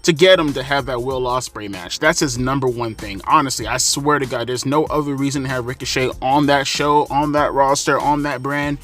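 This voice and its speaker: A man's voice: medium pitch, a bit bright. Sarcastic man ranting over faint music. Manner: sarcastic, ranting, swears freely. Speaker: YouTube wrestling commentator. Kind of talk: casual opinion vlog.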